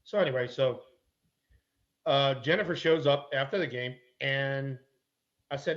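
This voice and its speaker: Middle-aged male guest, lively raconteur, curses casually, muffled recording. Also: medium pitch, measured pace, pauses often. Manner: animated, salty anecdote-telling with mild swearing. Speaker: guest, former ballplayer. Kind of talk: casual chat, storytelling.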